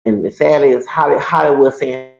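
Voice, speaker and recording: A man's voice: mid-range voice, normal speed, gravelly, darkish tone. A man in his forties talking in a long, rambling livestream monologue, often restarting and correcting himself. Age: 40s. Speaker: streamer. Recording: echoey room, dull lo-fi sound.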